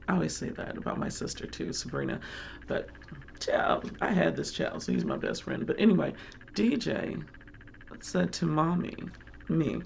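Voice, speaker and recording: A middle-aged woman chatting casually as a book vlogger, rambling warmly through her thoughts and laughing along the way. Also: low voice, expressive, moderate pace, gravelly, muffled recording, slight background noise. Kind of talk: casual chat.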